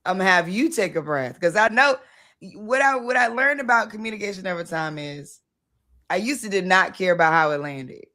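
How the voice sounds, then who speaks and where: A woman hosting a casual conversation, talking bluntly and in an animated way, acting out the things she says to people. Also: mid-range voice, moderate pace. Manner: blunt, animated, acts out her own past self. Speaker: host, founder of the organization.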